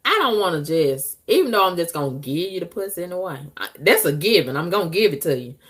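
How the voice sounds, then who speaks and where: Lively, foul-mouthed woman telling stories. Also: fairly low pitch, quick pace. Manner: blunt, profane and animated, with frequent exclamations. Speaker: vlogger. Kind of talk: casual storytelling to viewers.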